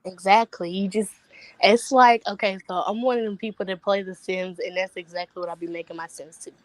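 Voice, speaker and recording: A woman's voice: medium pitch, fairly even intonation, fairly quick, dry recording. A young woman in her early twenties, a guest in a casual chat, talking in a chatty, agreeable way. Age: 20s.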